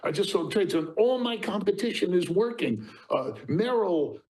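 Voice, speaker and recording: A woman's voice: medium pitch, animated, normal speed, a little mellow, voice pushed up, natural voice. A man putting on the voice of a worried actress calling long-distance from a remote film location, her voice climbing as she frets. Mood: fretful. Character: anxious actress on a bad long-distance call.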